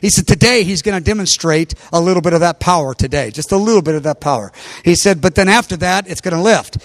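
A man's voice: high voice, quick pace, dry recording. A man preaching, telling a story with animation and raising his voice when he quotes others. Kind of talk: sermon testimony.

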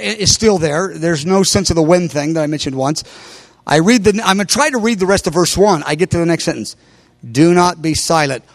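A man preaching a testimony as a story, animated and breaking into loud exclamations. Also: high-pitched, no room sound.

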